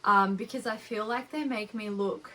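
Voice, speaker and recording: A woman's voice: mid-range voice, fairly even intonation, moderate pace, bright, forceful tone, rough recording. A young woman with an Australian accent, hosting a knitting podcast in a rambling, chatty way. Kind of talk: casual chat.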